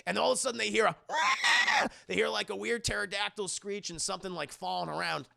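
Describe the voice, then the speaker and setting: A man recapping a TV episode on a live stream, telling it in an animated, profane, laughing way. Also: high-pitched, quick pace, creaky, shouting. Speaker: TV review streamer.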